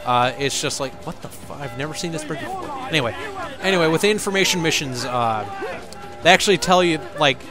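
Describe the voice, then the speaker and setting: A young man doing casual let's-play commentary, joking and swearing a lot, with animated outbursts. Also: a little high, brisk. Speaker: gameplay commentator. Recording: faint game music behind.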